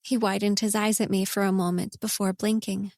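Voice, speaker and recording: A woman narrating a first-person romance audiobook in a measured, intimate reading. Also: mid-range voice, flat delivery, a little mellow, dry recording, clean studio sound.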